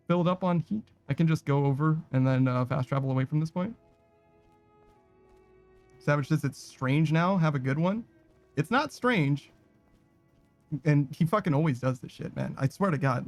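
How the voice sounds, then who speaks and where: A man giving casual, profane, sarcastic commentary while playing a video game. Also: on the high side. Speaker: gaming streamer.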